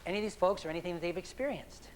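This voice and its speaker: A man performing as a stage hypnotist, moving from upbeat showman banter to slow, soothing hypnotic suggestions on stage. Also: high-pitched, slight background noise. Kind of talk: live hypnosis stage show. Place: stage before a live audience. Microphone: handheld microphone. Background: audience laughter and applause.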